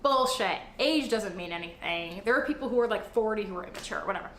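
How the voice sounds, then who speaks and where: A woman's voice: medium pitch, expressive, fast talker. A woman in her twenties telling a dramatic story in a chatty way, swearing freely. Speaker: storyteller in a clip. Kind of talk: casual storytelling. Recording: echoey room, faint noise.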